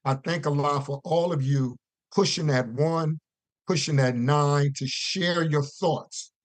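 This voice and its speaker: A man's voice: on the high side, slow, dry recording. A man calling in to a religious conference call, giving an earnest, preacher-like testimony and stretching out key words. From US East Coast. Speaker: caller.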